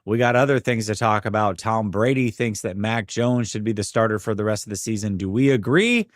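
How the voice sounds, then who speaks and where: A man hosting a sports talk podcast in a polished radio-host voice, upbeat and smooth as he leads the conversation. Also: on the low side, a little fast, no echo, studio quality.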